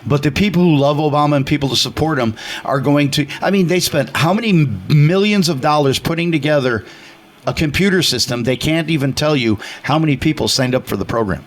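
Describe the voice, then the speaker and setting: A man's voice: on the high side, expressive, a little fast. A man hosting a casual political talk radio show, telling stories in a rambling, opinionated way with lots of fillers.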